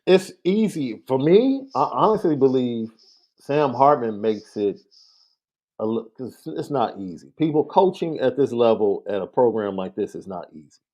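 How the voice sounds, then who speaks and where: A man co-hosting a casual sports podcast, talking with a lively voice and chuckling agreement. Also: medium pitch, normal speed, highs cut off. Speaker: podcast co-host.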